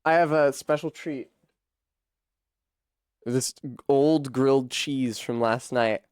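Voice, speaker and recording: A man's voice: medium pitch, takes it slowly, darkish tone, clean tone, no echo, clean studio sound. A man from Rhode Island chatting casually on a live stream, self-deprecating and swearing freely, with occasional coughing. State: coughing fits.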